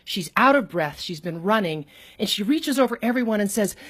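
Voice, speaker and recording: A middle-aged woman, an author and speaker, telling a personal story with lively, expressive delivery and sudden pitch jumps when she acts out quotes. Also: moderate pace, slightly rough. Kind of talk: animated storytelling.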